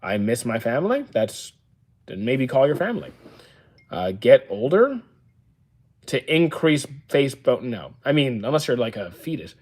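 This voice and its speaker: Deadpan man answering livestream chat. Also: mid-range voice. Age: 30s. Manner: dry, deadpan replies with offhand fillers. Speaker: streamer. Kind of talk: casual livestream chat, reading and answering viewer comments. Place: indoor room used for storing action figures.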